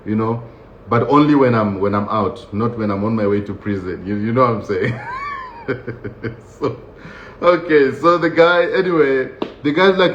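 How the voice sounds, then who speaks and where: A man's voice: medium pitch, moderate pace, pauses often. Laughing man telling a story, roomy dull sound. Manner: animated, laughing, acts out voices of others, many fillers. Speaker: vlogger recounting his prison experience. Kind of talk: casual storytelling monologue. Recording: dull, roomy recording with faint noise.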